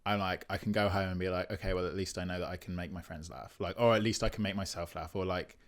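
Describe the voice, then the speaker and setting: A young man co-hosting a podcast in playful, jokey casual chat with quick asides. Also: deep voice, steady tone. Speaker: podcast co-host.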